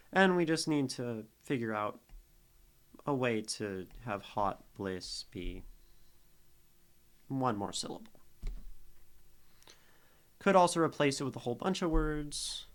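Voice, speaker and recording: Slow, musing male poetry streamer. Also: medium pitch, very animated. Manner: musing, thinks aloud with restarts. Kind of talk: live-stream poetry critique.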